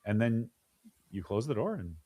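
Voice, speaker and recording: Talking animatedly as a podcast guest in a casual interview, this middle-aged man keeps restarting and repeating words, and he does voices for parents and kids. His pitch is fairly low with big swings, his speed is normal, and his sound is mellow.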